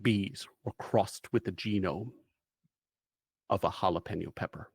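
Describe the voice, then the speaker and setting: A man's voice: fairly low pitch, a little slow, husky, no echo, pitched below the performer's own voice. A man voicing a small, serious red panda who gives a formal mission briefing in a grave, stiff manner. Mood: solemn.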